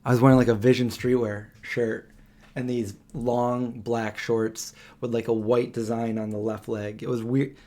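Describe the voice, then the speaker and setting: A man's voice: mid-range voice, flat delivery, normal speed, mellow. A man in his forties hosting a live Q&A stream, telling a story in a rambling way with many fillers and restarts. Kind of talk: casual storytelling.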